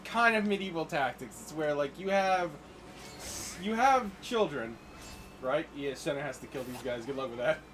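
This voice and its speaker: Young guy gabbing over gameplay, kinda high voice, acts stuff out, light hiss. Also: normal speed, low-quality recording. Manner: chatty, animated storytelling, acts out lines. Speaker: gaming co-host. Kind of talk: casual let's-play chat.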